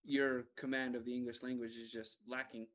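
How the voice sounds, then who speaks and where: A man co-hosting a video game podcast, talking casually, teasing his friend and reasoning through points out loud. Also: medium pitch, little pitch movement, fairly quick, crowd noise. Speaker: podcast co-host. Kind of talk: casual chat about video games.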